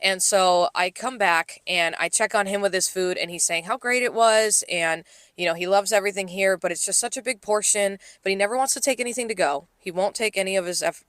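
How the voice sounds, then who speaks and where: A young woman with a bright, forceful voice tells a story from her restaurant shift in loose podcast chat. She leans on fillers and acts out quotes. The sound is close and dry, with no room around her. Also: mid-range voice, brisk, no room sound. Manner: chatty, filler-heavy storytelling with acted-out quotes. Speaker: podcast co-host, restaurant server.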